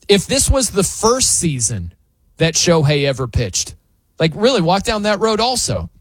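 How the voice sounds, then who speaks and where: A man's voice: a little high, husky, dry recording. A man hosting a sports talk show, ranting emphatically and incredulously, with laughs between points. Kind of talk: opinionated sports commentary.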